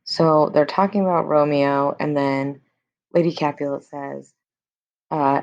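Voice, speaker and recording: Brief: casual woman teacher, vocal fry, dull lo-fi recording, middle pitch. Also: fairly even intonation, normal speed, darkish tone. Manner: casual, paraphrasing with fillers. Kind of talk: explaining a play to students.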